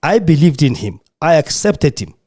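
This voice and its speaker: Fervent man, animated. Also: a little high, normal speed. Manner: emotional, preaching fervor. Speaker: podcast host. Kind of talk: impassioned monologue. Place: radio studio.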